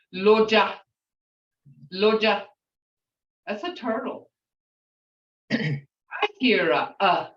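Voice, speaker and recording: Older woman as an unhurried language teacher, outspoken, repeating each word to model it; distant mic in an echoey room. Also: lowish voice. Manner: slowly repeats words to model pronunciation. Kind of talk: language class lesson. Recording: roomy, distant, dull lo-fi sound.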